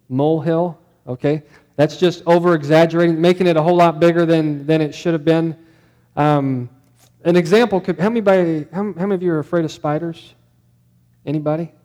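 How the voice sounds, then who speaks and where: A man's voice: a little high, darkish tone. A male pastor giving a sermon in a conversational way, often putting questions to the congregation.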